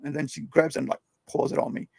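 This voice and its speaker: A man's voice: a little high, little pitch movement, fast, vocal fry, warm tone, breathy edge, dry recording. A young man hosting a podcast, telling stories in a rambling, conversational way and often tagging his sentences with questions. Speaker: podcast host. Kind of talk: casual storytelling chat.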